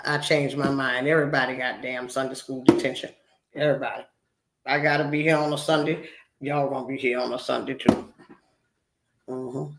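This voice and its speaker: A woman's voice: a bass voice, level tone, normal speed, long pauses, very noisy. A woman in her sixties chatting live with her viewers, brash, profane and teasing as she scolds them. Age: 60s. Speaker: livestreamer. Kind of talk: casual live-stream chat with viewers. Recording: roomy echo.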